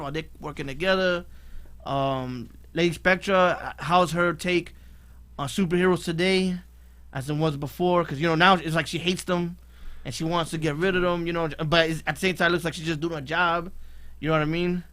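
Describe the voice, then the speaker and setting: A man's voice: high-pitched, a bit bright. A man hosting a casual podcast, arguing and joking with his co-host. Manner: argumentative, joking.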